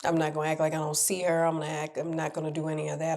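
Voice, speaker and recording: A middle-aged woman coach giving advice in a casual talk, her voice pitched a little low. She speaks candidly and with animation, often acting out the people she meets. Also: very fast, few pauses. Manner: candid, animated, laughs and acts out quoted people. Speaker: relationship coach.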